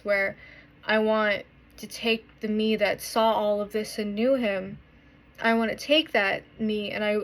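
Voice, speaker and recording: A woman in her twenties talking through a painful breakup in a confessional vlog, halting and swearing often, with many restarts. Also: medium pitch, fairly bright tone. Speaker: vlogger.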